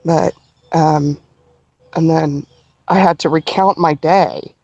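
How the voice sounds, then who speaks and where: Middle-aged woman recounting a hard memory, low voice, dry close sound, halting. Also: steady tone, a little mellow, no echo, lo-fi sound. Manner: earnest storytelling, halting, with restarts. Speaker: guest. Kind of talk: personal story in a podcast interview.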